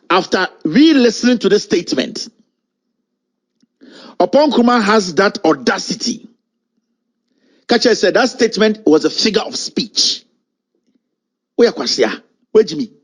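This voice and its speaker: Ghanaian guy ranting about politics, high voice, fired up and scornful, keeps flipping into twi. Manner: angry, mocking and emphatic, mixing English with Twi. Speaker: political commentator. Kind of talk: heated political commentary.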